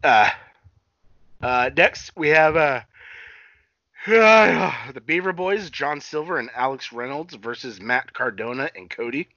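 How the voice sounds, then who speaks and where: A man's voice: medium pitch, a little slow, long pauses, bright, forceful tone, no room sound. Profane rambling man on a podcast. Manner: rambling, profane, many fillers and restarts. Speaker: podcast co-host. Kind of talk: casual wrestling recap chat. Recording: dull lo-fi sound.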